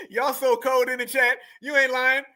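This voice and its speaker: A man's voice: very high voice, bright, forceful tone. Livestream host, man, mocking and emphatic. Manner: mocking, emphatic, laughs at clips. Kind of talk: reaction commentary livestream.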